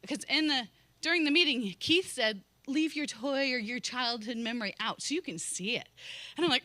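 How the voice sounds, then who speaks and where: Young woman sharing her church testimony, bright and a bit high, laughs a lot, totally dry sound. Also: lively intonation, fairly quick, no room sound. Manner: emotional storytelling, laughing often and acting out what she said. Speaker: church member giving a testimony. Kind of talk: personal testimony at a church service.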